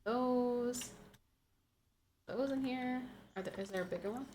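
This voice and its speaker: A woman's voice: a little high, measured pace, a little mellow, a little hiss or hum. A woman streaming a game live, chatting to viewers and scolding and pleading with the game animals, laughing at herself as she goes. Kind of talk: live gameplay stream commentary.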